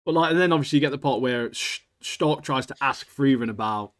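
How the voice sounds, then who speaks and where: A man's voice: medium pitch, a little fast, a bit bright. A young man co-hosting a podcast, chatting casually with slang and enthusiasm. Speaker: podcast co-host. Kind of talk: casual chat.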